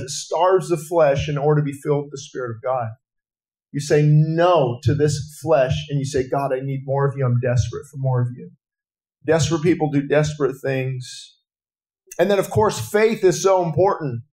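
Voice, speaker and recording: A man's voice: sits high, darkish tone. A man preaching a sermon as pastor at a breakfast gathering, earnest and rising to fervent, urgent delivery.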